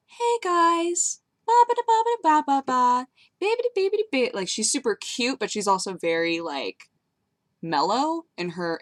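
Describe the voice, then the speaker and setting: A woman's voice: lowish voice, fairly bright tone, dry recording. Bubbly young woman vlogging. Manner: bubbly, rambling, giggly storytelling with playful voices. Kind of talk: casual chat to camera.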